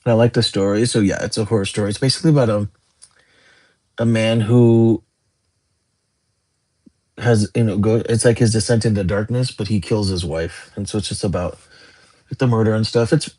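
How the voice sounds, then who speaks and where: A man's voice: fairly low pitch, steady tone, normal speed, pauses often, dark tone. A young man hosting a casual livestream, chatting and answering viewer comments in a rambling way. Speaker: livestream host. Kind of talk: casual live chat reading comments.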